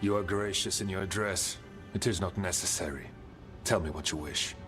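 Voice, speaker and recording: An actor playing a solemn, terse male dwarf guide who speaks in a formal, measured, ominous way. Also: low-pitched, music in the background, lightly acted.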